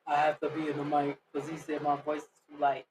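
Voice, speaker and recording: A woman's voice: low voice, monotone, a little fast, a crowd in the background, low-quality recording. A middle-aged woman co-hosting a podcast, joking with conspiratorial asides in casual chat. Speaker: podcast co-host.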